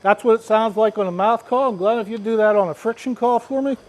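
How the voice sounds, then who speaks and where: Against background noise, a man with a high-pitched voice talks fairly quickly as he teaches a group turkey hunting. The hunting instructor's casual instruction wanders in a folksy way, and he keeps starting over.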